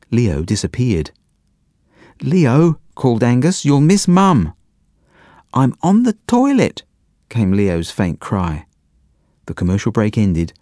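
A man narrating a children's audiobook with expressive, playful delivery, his pitch rising and falling freely. His voice is low and mellow. The recording is dry and close. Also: no echo. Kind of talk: storybook narration.

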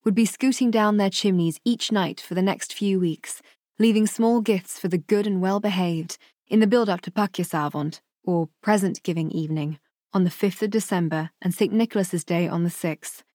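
Woman audiobook narrator, lowish voice, steady delivery, dry booth sound. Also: dry recording. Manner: measured, even storytelling.

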